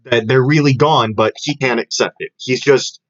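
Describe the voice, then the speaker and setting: A young man co-hosting a podcast in casual chat, rambling and animated with lots of fillers and restarts. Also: mid-range voice, moderate pace. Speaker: podcast co-host. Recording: dull lo-fi podcast audio.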